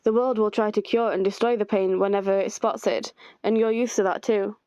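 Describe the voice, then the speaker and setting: A woman's voice: mid-range voice, fairly even intonation, a little fast, dark tone, no room sound, muffled recording. A woman playing through a story game, reading all the characters' lines aloud herself and adding her own comments. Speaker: gamer reading a visual novel aloud. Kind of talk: playthrough narration voicing every character.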